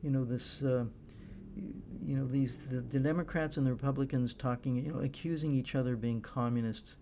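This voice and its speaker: Gravelly, halting male commentator. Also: mid-range voice, fairly even intonation, warm tone, a little hiss or hum. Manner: halting, many fillers and restarts. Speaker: political commentator. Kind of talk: casual monologue commentary.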